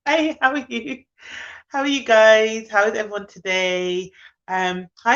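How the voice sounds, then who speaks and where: Sounding sleepy, a woman who works as a nanny and childcare expert runs a relaxed live stream where she laughs a lot and welcomes viewers by name. Her slightly high, bright voice moves at a measured pace, captured in dull lo-fi sound from a phone or laptop.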